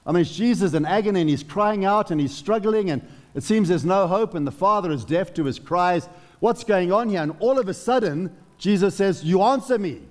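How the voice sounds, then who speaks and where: A man's voice: sits high, darkish tone. A man preaching a sermon in an earnest, conversational way, asking the congregation rhetorical questions.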